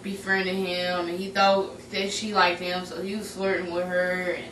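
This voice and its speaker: A woman's voice: lowish voice, monotone, normal speed, a bit bright. A young woman giving a casual, rambling movie review, giggly and full of fillers and restarts. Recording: echoey room, voice from a distance, faint background noise.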